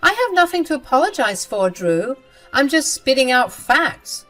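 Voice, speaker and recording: A woman's voice: sits high, sing-song, moderate pace, bright, forceful tone, soft background music, pitched above the performer's own voice, exaggerated voice, rough recording. A woman voicing a cruel, smug young sister-in-law who talks down to everyone in a self-righteous way.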